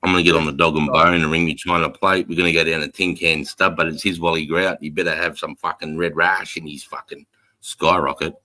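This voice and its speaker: A man's voice: rumbling low, little pitch movement, fairly quick, pushed and bright. A middle-aged Australian man telling stories in casual chat, swearing often and using rhyming slang. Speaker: live stream host.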